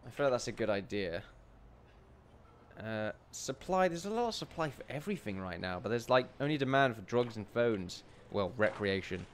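A man's voice: lowish voice, animated, moderate pace, slight background noise. Chatty, self-amused male gameplay commentator. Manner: chatty, self-amused, often laughing, addresses the audience as ladies and gentlemen. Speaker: let's play commentator.

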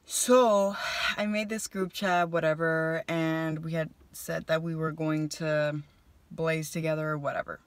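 A young woman vlogger telling a casual story to the camera, chatty and animated, acting out what people said. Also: low voice, measured pace, no echo. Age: young adult. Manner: animated, chatty, voices her own quotes. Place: car.

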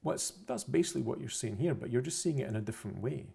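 A man's voice: medium pitch, animated, fast talker, vocal fry, mellow, slightly rough. A man explaining a science topic over pictures, unscripted, methodical and repetitive, often correcting himself mid-phrase. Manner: methodical, repeats points, self-corrections.

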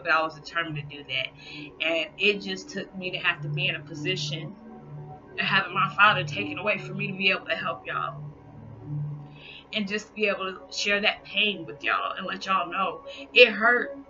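A woman vlogger talking earnestly to her viewers, encouraging and spiritual, often saying y'all. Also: fairly low pitch. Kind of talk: heartfelt casual talk to viewers. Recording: dull lo-fi sound with music behind.

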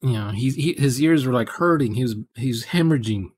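Male streamer, chatty and rambling, muttering over his code, mid pitch, dry close sound. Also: brisk, darkish tone, slightly rough, dry recording. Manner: rambling, muttering asides while coding. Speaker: programming livestream host. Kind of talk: casual rambling livestream chat.

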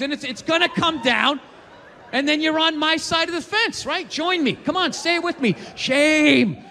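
Middle-aged male stand-up comic, high-pitched, sharp-edged delivery, profane rant, hall reverb. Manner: loud ranting, profane, yelling punchlines. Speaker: stand-up comedian.

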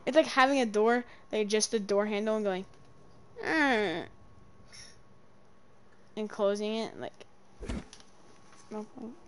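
A young woman streaming a game, chatting casually, swearing and yelling in panic between low mutters. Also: fairly even intonation, moderate pace, pauses often, a little hiss or hum. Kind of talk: casual gameplay chat.

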